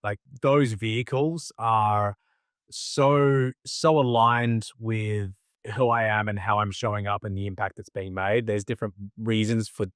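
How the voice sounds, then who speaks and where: A man's voice: fairly low pitch, steady tone, unhurried, fairly bright tone, no echo, clean studio sound. A young adult man, a speaker and coach, talking as a podcast guest in a reflective, earnest way and often restarting his phrases. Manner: reflective, earnest, repeats himself while thinking. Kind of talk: conversational interview.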